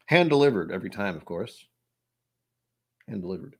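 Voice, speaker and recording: A young man talks casually to his viewers, wandering from one thought to the next and poking fun at himself. His voice sits a little low. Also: expressive, normal speed, breathy edge. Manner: rambling, self-mocking, reacts aloud to chat. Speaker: whiskey channel host. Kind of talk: casual livestream chat.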